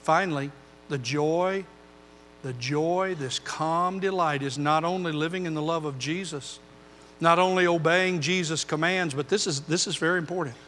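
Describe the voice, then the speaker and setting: An older man preaching a sermon as pastor, earnest, moving between loud emphasis and quiet intensity. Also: on the high side, moderate pace, big-room sound, a little hiss or hum.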